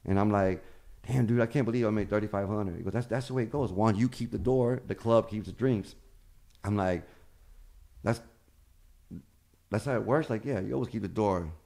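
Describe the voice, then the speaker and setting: A man's voice: fairly low pitch, moderate pace, gravelly, pauses often. A man who is a comedian telling stories in a casual chat, acting out the people he quotes and swearing freely. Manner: animated storyteller, acts out quotes, swears freely. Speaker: comedian guest.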